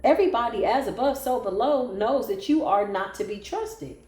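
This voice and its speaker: A woman's voice: on the high side, lively intonation, normal speed, background noise. Sassy woman tarot reader, echoey room. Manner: sassy, sarcastic, preachy. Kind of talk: solo tarot reading. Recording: echoey room with faint music.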